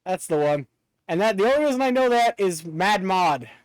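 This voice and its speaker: A chatty man streaming a game, talking in a high and very lively voice that jumps around a lot. He jokes and laughs easily with his chat. The sound is close and dry, with no room echo. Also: normal speed, clear, resonant tone. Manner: joking, chatty, laughs often. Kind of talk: casual gameplay chat.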